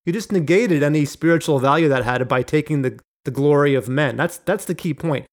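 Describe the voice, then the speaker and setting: A man's voice: fairly high pitch, brisk. A man hosting a Bible study discussion, explaining word meanings and reading quotations aloud in a conversational teaching style. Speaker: Bible study podcast host.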